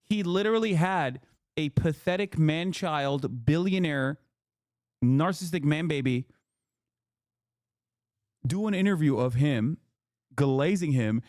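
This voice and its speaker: A man's voice: a little high, no room sound, studio quality. A man streaming from his living room, giving profane, exasperated political commentary. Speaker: Twitch streamer.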